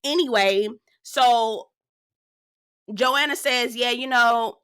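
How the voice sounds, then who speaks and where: A chatty woman recaps a reality series with plenty of sass, talking straight to her viewer as "girl". Her voice is bright and forceful, and it swings up high whenever she wants to stress a point. The sound is dry and close, with no room around it. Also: slow pace, clear, resonant tone, dry recording. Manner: animated, swinging up high for emphasis. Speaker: reality TV reviewer. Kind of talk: casual recap commentary.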